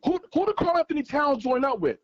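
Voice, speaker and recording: A man's voice: very high-pitched, very animated, quick pace, highs cut off. A man calling in to a sports show, arguing passionately and hammering his points through repetition. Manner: passionate, argumentative, repeats points for emphasis. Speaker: guest caller on a fan livestream. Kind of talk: heated sports debate.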